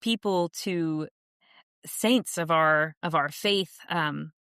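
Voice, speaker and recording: A woman with a fairly low voice talks through ideas on a podcast, earnest and reflective, often restarting her sentences. The sound is dry and close, with no room around it. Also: slow, fairly bright tone, clean tone, no room sound. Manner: earnest and reflective, many restarts, laughs easily. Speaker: podcast guest, author and coach. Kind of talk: casual interview conversation.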